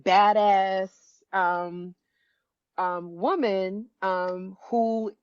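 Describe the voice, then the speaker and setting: A woman in her fifties, an author and educator, telling a story as a guest with lively restarts. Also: extremely slow, no room sound, lo-fi sound. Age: 50s. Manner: animated, acts out quoted voices with pitch jumps, many restarts. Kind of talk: conversational storytelling.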